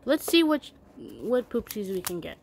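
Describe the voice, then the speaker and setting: A young woman vlogger chatting casually to her viewers as she unboxes a toy, excitable and gasping with delight. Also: on the high side, moderate pace, a little hiss or hum.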